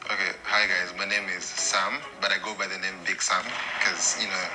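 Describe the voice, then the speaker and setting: A man's voice: sits low, little pitch movement, moderate pace. A young man with a Zambian accent, chatting easygoing in a group discussion on camera. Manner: laughing, easygoing. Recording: loud background music from a video.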